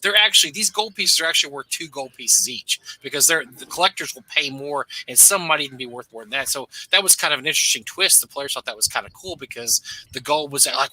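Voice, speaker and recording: Game-publisher guest, male, very bright tone, animated storyteller who restarts often. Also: medium pitch, fast talker, poor audio. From United States. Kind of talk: casual livestream chat.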